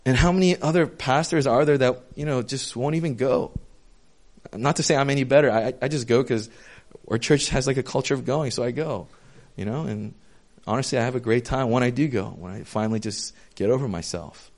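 A man's voice: mid-range voice, brisk, a little mellow. A young adult man preaching as a pastor in a casual, candid, self-deprecating way, speaking to the congregation as friends. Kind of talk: casual sermon.

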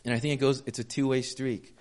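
A man preaching to a congregation in a relaxed, storytelling way, acting out the back-and-forth of conversations with a friend. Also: medium pitch, fast talker. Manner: casual, storytelling, acts out dialogue. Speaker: pastor. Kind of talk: sermon.

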